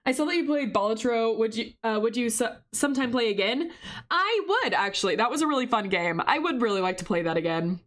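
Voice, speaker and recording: A woman streamer chatting casually with her viewers, slightly hoarse from losing her voice, with frequent giggles. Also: fairly high pitch, expressive, a little fast.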